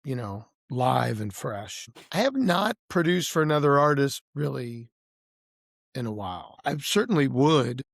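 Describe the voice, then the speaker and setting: Gravelly man telling road stories. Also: medium pitch, unhurried, no room sound, clean studio sound. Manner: relaxed storyteller, restarts and "you know"s. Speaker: blues musician guest. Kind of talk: casual interview chat.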